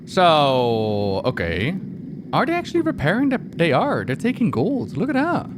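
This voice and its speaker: A man chatting casually while streaming a game, animated and laughing often. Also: on the high side, unhurried, background noise.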